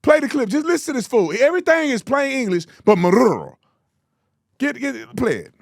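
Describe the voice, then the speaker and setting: A man hosting political commentary, talking in a blunt, mocking, animated way. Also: very high voice, fast talker, creaky, dry recording, clean studio sound. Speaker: host.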